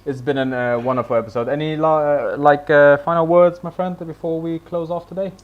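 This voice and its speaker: A man's voice: on the high side, steady tone, a little fast. Male host of a casual online chat, emphatic, laughs a lot, muffled lo-fi sound. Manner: emphatic, laughs often, calls people "man". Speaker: host of an online audio space. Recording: dull, lo-fi online audio.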